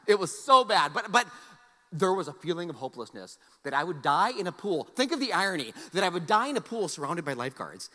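Animated man preaching in a reverberant hall. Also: a little high, fast. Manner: animated storytelling, swings between loud exclamations and soft earnest appeals. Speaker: pastor. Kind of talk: sermon with personal story.

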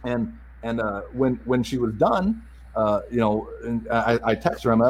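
A middle-aged man telling a story as a guest in a casual chat, animated, repeating words and acting out the dialogue. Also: mid-range voice, normal speed, slight background noise, poor audio.

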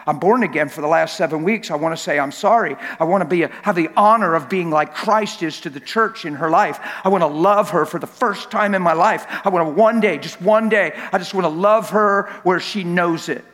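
A man preaching a sermon with emphatic repetition, joking with the congregation and building to shouts. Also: high-pitched, brisk, few pauses. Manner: emphatic, repeats words for effect, rises to shouting at climaxes; jokes with the crowd. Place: church hall. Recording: long reverb in a big church hall.

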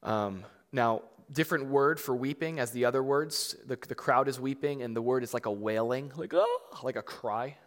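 A man preaching to a congregation with loose, chatty phrasing and lots of "like" and "you know". His voice sits at an ordinary middle pitch. The sound carries a long reverb tail from a large hall. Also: normal speed, few pauses. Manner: conversational preaching, filler-heavy and emphatic. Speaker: pastor. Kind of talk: sermon.

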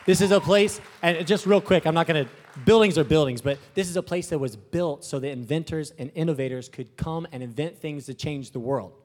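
A young man, a new pastor, giving an emotional and excited testimony to a congregation, talking casually and swinging from soft to shouting. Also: fairly high pitch, a little fast, hardly any pauses. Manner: casual slang, breathless excitement. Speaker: young pastor planting a church.

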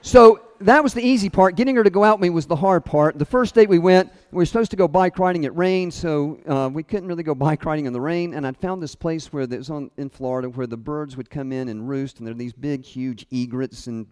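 A middle-aged man giving a storytelling sermon, self-deprecating and funny, chuckling often and dropping his voice soft and low at tender moments. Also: fairly quick, hardly any pauses, clean tone. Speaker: speaker at a college chapel.

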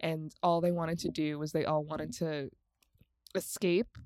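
A woman's voice: sits low, flat delivery, unhurried, a little mellow, no echo, clean studio sound. A woman co-hosting a podcast, recapping films in a rambling, casual chat, laughing often and swearing freely. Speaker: podcast co-host.

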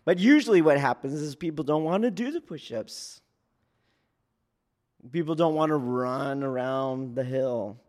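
A man's voice: a little high, a little slow. Man explaining, asking "do you see?". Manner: keeps checking in with "do you see?"; acts out trainees and yelling officers in sudden loud bursts. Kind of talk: casual teaching talk.

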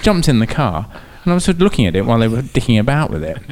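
A man's voice: medium pitch, racing. A man, a racing driver guest, telling a comic anecdote and laughing often as he goes. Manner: laughing often, lively storyteller.

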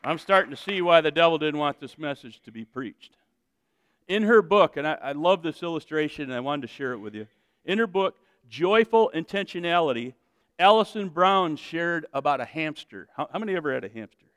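A male pastor preaches with fiery energy, rising to loud shouted calls and dropping to quiet, chatty asides. His voice sits high and sounds smooth and clear. It is picked up close and dry, with a long reverb from a large hall. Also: animated, brisk. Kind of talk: sermon. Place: church sanctuary with congregation.

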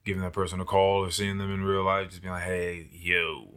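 A man chatting casually on a podcast, lively and self-mocking, often acting out his own past thoughts. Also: low voice, fast talker, clear, resonant tone. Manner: animated, acts out his own past thoughts in quoted voices, laughs often. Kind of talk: casual chat.

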